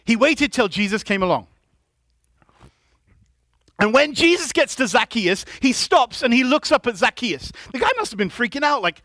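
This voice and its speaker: A male pastor preaches in a church with a very high, bright, forceful voice, moving at a measured, sing-song pace. He repeatedly calls on the congregation to answer him in call-and-response and climbs to loud, emphatic shouts. The recording is dry and close, with almost no room echo.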